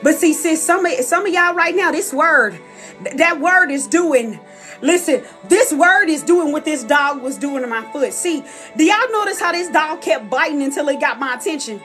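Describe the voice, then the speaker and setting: High-voiced woman preaching with fervor. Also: lively intonation, normal speed, fairly bright tone, faint music behind. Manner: passionate, calls the audience sis and y'all. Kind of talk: sermon on a live stream.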